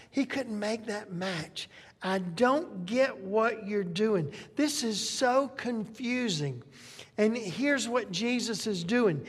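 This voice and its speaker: A pastor delivers a sermon slowly and conversationally, often pausing to check in with the listeners. The voice sits at a middle pitch. It is recorded with long reverb in a hall. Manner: conversational, checks in with tag questions.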